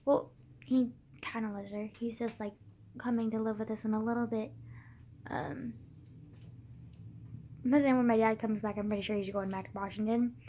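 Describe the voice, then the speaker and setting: A woman's voice: on the high side, steady tone, moderate pace, pauses often, warm tone, a little hiss or hum. A young woman in her late teens rambling casually to camera in a vlog, full of "like" and loose swearing. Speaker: vlogger.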